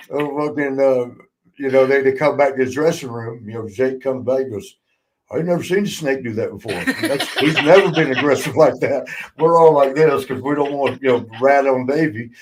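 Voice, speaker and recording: A man's voice: mid-range voice, moderate pace, noisy background. Laughing, swearing older man. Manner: laughing often, swearing, lively retelling with voiced quotes. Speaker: podcast host, former wrestler. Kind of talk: casual storytelling chat.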